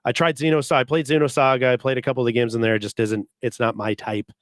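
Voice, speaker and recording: A man's voice: mid-range voice, flat delivery, quick pace, no room sound, studio quality. A man co-hosting a podcast, talking in an opinionated, emphatic way and swearing freely in casual chat. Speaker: podcast co-host.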